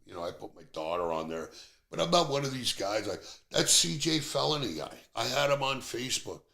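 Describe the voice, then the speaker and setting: A man's voice: mid-range voice, big pitch swings, fairly quick, vocal fry, bright, forceful tone. A middle-aged man from Canada, hosting a podcast and ranting bluntly with plenty of profanity in casual chat. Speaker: podcast host.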